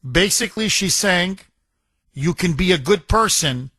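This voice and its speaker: A man hosts a talk radio show in a high, bright voice. He rants in an emphatic, indignant tone, repeating phrases and tripping over words. The studio sound is dry, with no room echo. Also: expressive, measured pace. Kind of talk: opinionated talk radio monologue.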